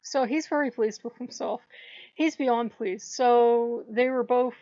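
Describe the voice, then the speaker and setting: A woman hosting a casual spiritual vlog, telling a rambling, animated story and laughing often. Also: a little high, a little slow, no room sound. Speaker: channel host. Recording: dull lo-fi dry recording.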